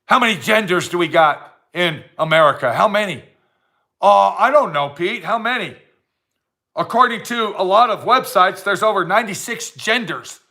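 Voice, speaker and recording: A man's voice: high-pitched, animated, normal speed, sharp tone. A man delivering a heated, blunt ranting monologue to camera, repeating his points for emphasis. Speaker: vlogger.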